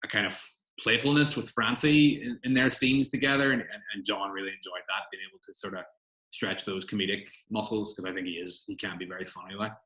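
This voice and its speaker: A man's voice: lowish voice, fairly even intonation, a little fast, sharp tone, roomy sound, poor audio. A man, a film director answering interview questions in a chatty, rambling way with many fillers.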